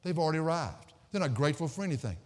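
A man preaching a sermon as pastor, swinging between loud emphatic declamation and low, conversational asides. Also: expressive, racing, in a large hall.

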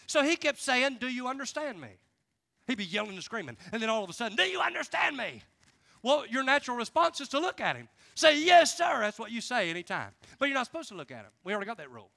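A male evangelist preaches in a high, gravelly voice. His delivery is folksy and emphatic, and his tone is bright and forceful. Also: sing-song, rapid-fire, hardly any pauses. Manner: folksy, emphatic, laughs between stories. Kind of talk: sermon with personal storytelling.

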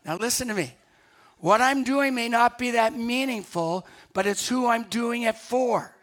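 A man's voice: very high-pitched, measured pace, fairly bright tone. A man preaching a sermon to his church, repeating key lines for emphasis and telling stories with quoted dialogue. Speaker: pastor.

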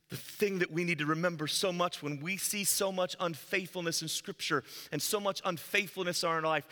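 A man preaching a sermon as pastor, telling a story and moving between loud emphasis and hushed, low lines. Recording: long hall reverb.

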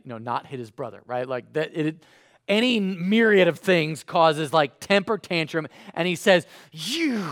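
A man in his thirties preaching a live sermon in a casual, animated way, moving between quiet asides and loud bursts. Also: a little high, smooth, no room sound, clean studio sound. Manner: casual, uses fillers. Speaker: pastor.

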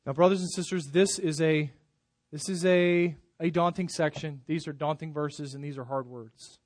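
Pastor, male, higher voice, sermon delivery, loud build-ups that sink to quiet endings, dry close sound. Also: fairly even intonation, normal speed, no echo. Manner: emphatic preaching, swells loud then drops soft.

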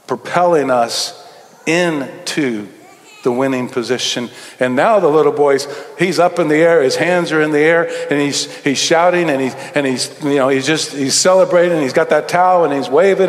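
A middle-aged man, preaching a sermon as a pastor and telling stories, moving between quick asides and slow, emphatic phrases. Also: mid-range voice. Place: church sanctuary. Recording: long hall reverb.

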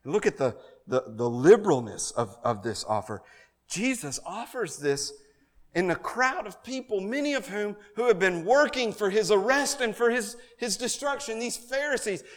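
A man with a high voice preaches a sermon in a church. His delivery swings between quiet, intimate pleading and loud, fervent calls. The room gives his words a long, ringing reverb. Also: sing-song, moderate pace. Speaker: pastor. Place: church sanctuary.

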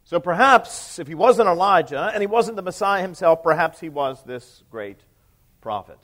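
Speaking at a moderate pace with animation, a priest gives a sermon in a conversational manner. He questions the congregation and lets quoted lines trail off in a low, quiet voice.

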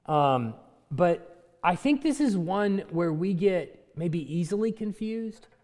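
A man delivering a sermon with a lively, rising and falling voice. He moves from reading scripture to relaxed teaching full of asides, and his words ring with the long reverb of a church hall. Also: high-pitched, takes it slowly. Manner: reads scripture aloud, then teaches in a loose conversational way. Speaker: pastor.

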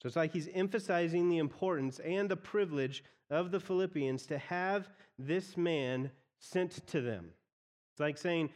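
A man's voice: fairly high pitch, measured pace, a little mellow, big-room sound. A man preaching an expository sermon as pastor, often repeating phrases as he explains a text.

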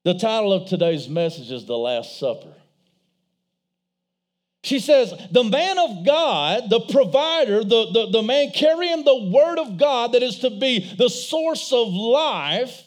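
A middle-aged man preaching a sermon in a church, telling stories with animated voices. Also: extremely high pitch, a little slow. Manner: animated storytelling, acts out voices. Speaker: pastor.

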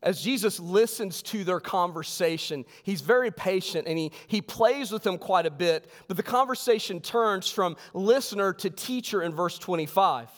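A male pastor preaching a sermon with emphasis, his voice sinking low on key words. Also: moderate pace. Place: church sanctuary. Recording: long hall reverb.

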